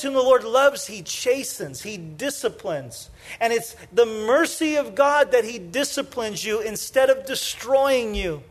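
A middle-aged man preaching a sermon in a conversational way, full of "you know" fillers, moving from lively storytelling into soft, hushed emphasis. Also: very high-pitched. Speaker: pastor.

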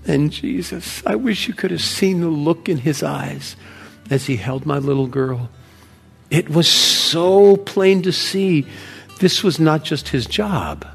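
Man playing Josiah, a gravelly awestruck father. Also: a little high, slow, faint music behind, heavily acted. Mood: earnest storytelling. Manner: earnest, swings from loud wonder to hushed awe. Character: devoted ancient Hebrew father telling of a miracle. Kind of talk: dramatic first-person monologue.

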